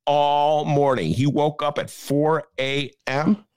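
A man's voice: fairly high pitch, slow, over a noisy crowd. A male podcast co-host giving sarcastic, opinionated political commentary. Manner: animated and sarcastic, mocking asides.

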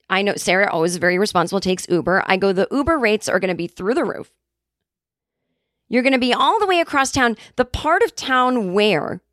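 A woman's voice: medium pitch, a bit bright, no room sound. Woman, 40s, solo comedy podcast host; rambling, sarcastic, close and dry. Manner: rambling, self-interrupting, sarcastic.

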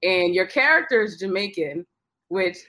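A man's voice: high-pitched, expressive, moderate pace, pushed and bright. A man hosting an interview, upbeat and prompting his guest with questions. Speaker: podcast host. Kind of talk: casual interview.

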